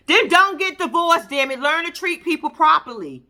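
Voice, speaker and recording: A woman's voice: very high-pitched, expressive, moderate pace, pushed and bright. A woman giving casual reaction commentary as a vlogger, blunt and profane, ranting in exasperation.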